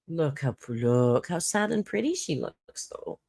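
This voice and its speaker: A woman's voice: sits low, big pitch swings, a little slow, creaky, hardly any pauses, a little mellow, husky, dry recording, clean studio sound. A woman hosting a casual livestream, chatting, laughing often and reading out viewer comments. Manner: chatty, laughs often, reads chat aloud. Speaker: livestream host.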